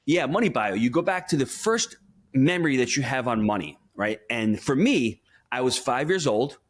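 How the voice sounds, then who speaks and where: A man's voice: medium pitch, moderate pace. A man talking as a money coach in a podcast interview, telling stories and giving advice in an emphatic, coaching way. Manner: animated storyteller, emphatic and coaching. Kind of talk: conversational interview.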